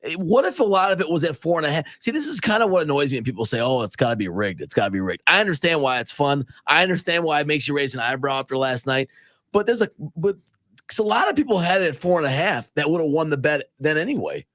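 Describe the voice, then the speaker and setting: A man co-hosting a sports radio show, teasing his partners in quick, casual banter. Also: on the high side, animated, fairly bright tone, no room sound, clean studio sound. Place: radio studio. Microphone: studio microphone.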